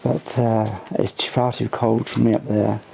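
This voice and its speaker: An older inn owner giving a rambling tour, tired and halting, often restarting his sentences. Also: fairly low pitch, flat delivery, gravelly, dark tone, a little hiss or hum. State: tired, voice fading. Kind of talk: rambling casual talk. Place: old inn, indoors.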